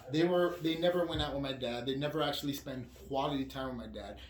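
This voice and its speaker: A man's voice: mid-range voice, quick pace. A man as a podcast guest, talking in a profane, rambling way with frequent restarts. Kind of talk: casual candid chat. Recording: roomy echo with background noise.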